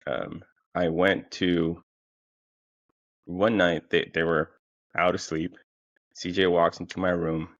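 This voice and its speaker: A man with a very low, gravelly voice rambles through a comic story, swearing freely and stumbling over restarts. He sounds a bit tired. The recording is dull and lo-fi, with a dry, close sound. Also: a bit bright, dry recording. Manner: rambling, profane, many fillers and restarts. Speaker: podcast host.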